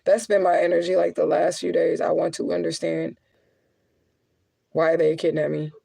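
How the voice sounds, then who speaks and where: A woman's voice: fairly low pitch, level tone, moderate pace, vocal fry, mellow, slightly rough. Young woman, spiritual reader, casual livestream vent, blunt, swears a lot, laughs often. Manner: candid, profane, laughing often.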